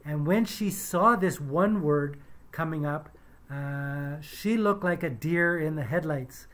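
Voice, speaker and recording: Low-voiced woman, slow and deliberate. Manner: measured, deliberate, many hesitant fillers. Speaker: English teacher reviewing pronunciation. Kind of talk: casual spoken commentary.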